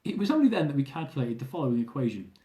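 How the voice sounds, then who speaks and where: A man reading his own travel memoir aloud in a lively, amused storytelling manner, often chuckling. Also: medium pitch, racing, roomy sound.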